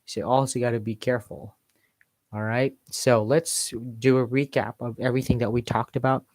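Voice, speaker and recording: A man's voice: mid-range voice, level tone, normal speed, darkish tone, no room sound. Man teaching intonation, dry close sound. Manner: explains with modeled examples and filler words. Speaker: English accent teacher. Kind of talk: casual live-stream lesson.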